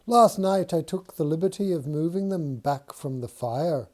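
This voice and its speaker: A man's voice: on the high side, moderate pace, dark tone, voice pushed up, close to an everyday voice. A man reading a novel aloud, voicing a bold, chatty young Quaker suitor in a teasing tone. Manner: playful, teasing.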